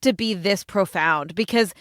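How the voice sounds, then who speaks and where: A woman co-hosting a casual podcast chat, animated and swearing often as she acts out characters' lines. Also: mid-range voice, a little slow, no echo, studio quality. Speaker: podcast co-host. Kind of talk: casual chat about a TV episode.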